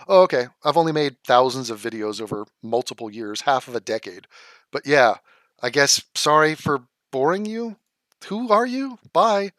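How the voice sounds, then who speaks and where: A man's voice: mid-range voice, expressive, normal speed, fairly bright tone, no echo, studio quality. A man answering viewer comments in a vlog, sarcastic, profane and exasperated.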